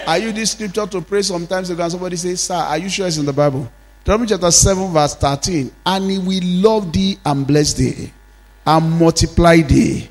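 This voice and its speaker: High-voiced fervent preacher man in a reverberant hall. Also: fairly quick, a little hiss or hum. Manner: fervent, chanting prayers and leading the congregation in declarations. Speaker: pastor. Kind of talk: sermon with prayer.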